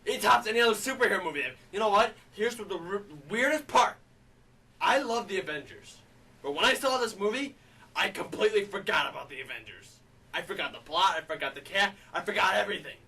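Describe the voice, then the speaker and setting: A man giving a gushing, excitable comedic movie review in character. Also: sits high, fairly quick, creaky, husky, recorded from a distance.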